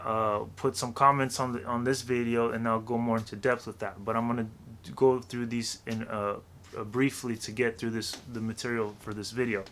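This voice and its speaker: A man's voice: mid-range voice, bright, forceful tone. A man teaching how to rap in a loose, chatty way, counting beats aloud and scatting rhythms. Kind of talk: casual music lesson.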